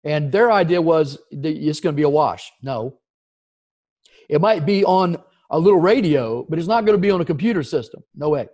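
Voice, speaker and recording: A middle-aged man from the East Coast of the United States, a guest telling an animated story in a casual interview and acting out the voices of the people in it. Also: fairly high pitch, moderate pace.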